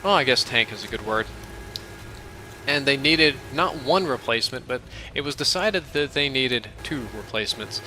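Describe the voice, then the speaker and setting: A man's voice: mid-range voice, expressive, moderate pace, noisy background. A man casually telling a long dream story, rambling with fillers and restarts. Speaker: gaming channel host.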